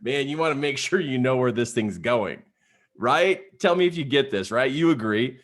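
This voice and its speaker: A middle-aged man giving an energetic, conversational coaching talk, tossing in "you know" and "right?" as he speaks to an online group. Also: medium pitch, normal speed. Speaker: motivational trainer.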